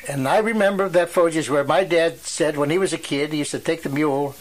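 Old guy in his 90s rambling through stories, does the voices of people he quotes, bit of a higher voice. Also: fast. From western Pennsylvania. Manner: rambling storyteller who acts out quoted voices. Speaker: oral history interviewee. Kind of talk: storytelling reminiscence.

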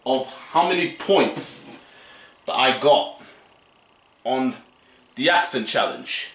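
A man's voice: medium pitch, sing-song, slow pace, long pauses, a bit bright. A male vlogger talking casually and playfully to his viewers. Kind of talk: casual vlog. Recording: roomy, faint music.

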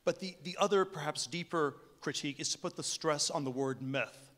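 A man giving a conference keynote speech, talking in a halting way with many restarts and fillers. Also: fairly high pitch, a bit bright. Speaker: keynote speaker. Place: hotel conference room.

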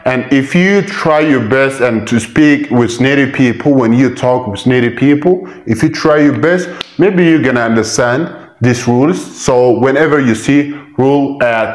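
A man teaching English pronunciation in a video lesson, repeating each word slowly and often asking "right?". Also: mid-range voice, echoey room. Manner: slow, repeating words for drill; asks "right?" to check understanding. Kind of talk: video lesson, mixing languages.

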